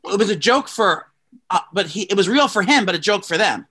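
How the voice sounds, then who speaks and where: Here a young man co-hosting a podcast has a high-pitched, expressive voice with a sharp, slightly rough edge, talking a little fast. He gossips casually in a meandering way, peppered with fillers and restarts.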